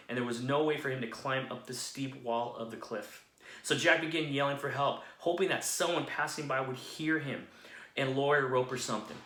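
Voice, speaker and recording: A man's voice: medium pitch, fairly bright tone. A man giving an earnest devotional sermon, often checking in with his listeners by asking "okay?". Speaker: devotional speaker. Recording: roomy echo.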